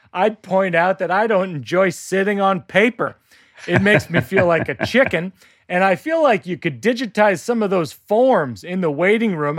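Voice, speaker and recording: A man, the show's host, telling a self-deprecating comic story in a deadpan way. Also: sits high, dry recording, studio quality. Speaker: podcast host. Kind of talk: comedic storytelling.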